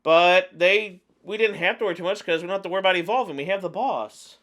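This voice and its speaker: A man giving live commentary over his own card game match, chatting through each move out loud. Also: sits high, fast. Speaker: card game video creator.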